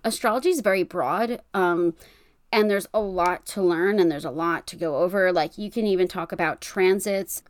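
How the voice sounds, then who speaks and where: A woman's voice: fairly low pitch, normal speed, no echo. A woman in her twenties with a New Jersey accent, co-hosting a podcast and reading astrology charts aloud, laughing often and stumbling over words. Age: 20s. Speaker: podcast co-host.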